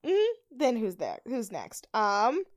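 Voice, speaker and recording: A young woman recapping a show with a co-host, her voice swinging widely and sitting a little high. She rants and acts out what people said. The sound is close and dry. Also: takes it slowly, dry recording. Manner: animated, ranting, acts out quotes. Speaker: podcast co-host. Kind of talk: casual recap chat.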